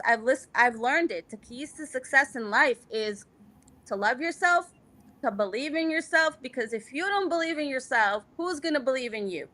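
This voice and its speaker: A middle-aged woman from Afghanistan speaks as a guest in a candid interview, her voice sitting high, pushed and bright. She talks with passion and repeats phrases for emphasis.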